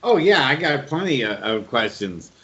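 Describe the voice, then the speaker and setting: Male interview host, hesitant delivery, mid-pitched, dull lo-fi recording. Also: very animated, a bit bright. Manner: halting, full of fillers. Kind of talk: interview questions. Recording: lo-fi muffled audio.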